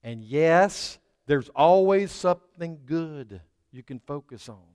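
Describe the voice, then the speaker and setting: A middle-aged male pastor preaching a sermon, calling out to his congregation and swinging between loud emphasis and quiet asides. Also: on the high side, lively intonation, slow pace, clear, resonant tone, big-room sound.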